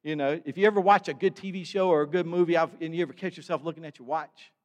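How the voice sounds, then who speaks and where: Guy preaching in church, chatty and animated, big echoey sanctuary. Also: on the high side, fast, lo-fi sound. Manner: conversational, animated preaching with asides to the congregation. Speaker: pastor. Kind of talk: sermon. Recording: long church reverb.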